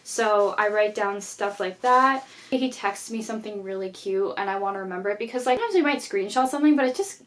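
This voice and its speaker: A woman's voice: mid-range voice, animated, a little fast, hardly any pauses, slight background noise. A young woman chatting casually in a vlog, talking about her journals with many "like" fillers. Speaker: YouTuber.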